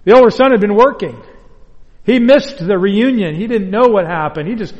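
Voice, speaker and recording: High-voiced pastor in an echoing hall. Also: male voice, a little mellow, muffled recording. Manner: earnest, deliberate, emphatic repetition. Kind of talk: sermon. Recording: long hall reverb.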